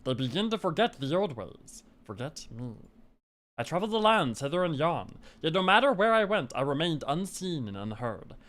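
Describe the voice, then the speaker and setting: A man's voice: a little high, sing-song, normal speed, a bit bright. A man voicing an ancient, lonely male corn spirit in a game, with grand, old-fashioned delivery. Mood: grandiose. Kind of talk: reading game dialogue aloud in character.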